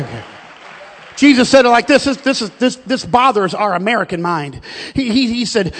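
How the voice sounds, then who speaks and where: A man preaching with emphatic, storytelling delivery, stumbling over repeated words as he drives his point. His voice sits high for a man and carries a long reverb from a large hall. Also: expressive, normal speed, fairly bright tone, some chatter behind. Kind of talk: sermon.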